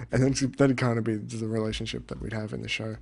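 Young man, gamer, rambling deadpan commentary, gravelly, cursing. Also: fairly low pitch, fast talker. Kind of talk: casual let's-play commentary.

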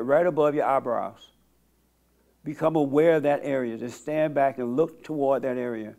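Male church host, slightly high voice, blunt and direct, leads a calm guided prayer. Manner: blunt, plain-spoken, teasing; slow, soothing instructions during meditation. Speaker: host leading a church meeting. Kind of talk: counseling talk and guided silent prayer.

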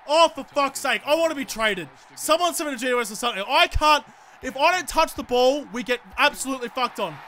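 An Australian man with a very high, bright and sharp voice, talking through a football video game as he plays. He rants and swears freely at the game and his teammates, in the loose style of live gameplay commentary. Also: animated, brisk, slight background noise.

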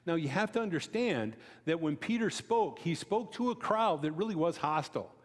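A man's voice: lively intonation, moderate pace. A man giving a conversational sermon, telling stories with asides to the congregation and acting out quoted voices. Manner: storytelling, chatty asides to the congregation; acts out quoted voices with sharp pitch jumps. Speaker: preacher. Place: church sanctuary. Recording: long reverb of a church hall.

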